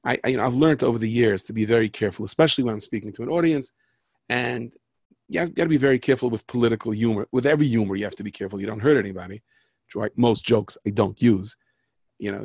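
Gravelly raspy man telling stories. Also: fairly low pitch, quick pace, darkish tone, no echo, studio quality. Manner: rambling, conversational, self-interrupting. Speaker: speaker, storyteller. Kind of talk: storytelling talk with jokes and parables.

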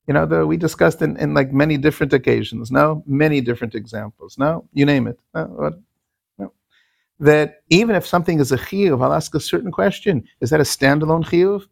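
A man's voice: fairly high pitch, animated, brisk, vocal fry, dry recording, clean studio sound. A man teaching a Talmudic lecture, repeating key terms and asking rhetorical questions. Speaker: Torah teacher.

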